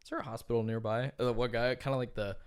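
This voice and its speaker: A man's voice: mid-range voice, steady tone, rapid-fire, smooth. A man co-hosting a podcast in casual chat, telling a long story full of "like" fillers and casual swearing. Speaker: podcast co-host.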